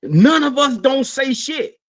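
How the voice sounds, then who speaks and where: A male podcast co-host with an extremely high, slow voice chats casually, telling stories with animated energy. He swears a lot and laughs often. The recording sounds dull and lo-fi.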